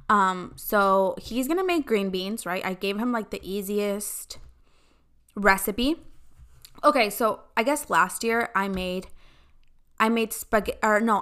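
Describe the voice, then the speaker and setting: Animated young woman telling a dramatic story. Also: mid-range voice, smooth. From Mexican-American family. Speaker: podcast host. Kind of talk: casual solo podcast chat.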